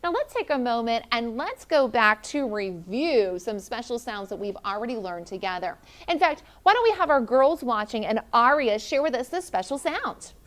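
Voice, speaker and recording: A woman teacher leading a classroom phonics lesson, encouraging children and sounding out letters slowly. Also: a little high, sing-song, slight background noise.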